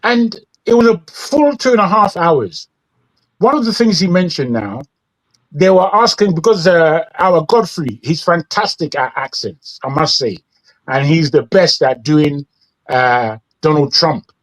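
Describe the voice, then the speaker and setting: A man's voice: on the high side, lively intonation, a little slow, low-quality recording. Heated, rambling British-accented man. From Britain. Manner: rambling, heated, repeats words when emphatic. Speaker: news talk show host. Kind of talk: opinionated live commentary.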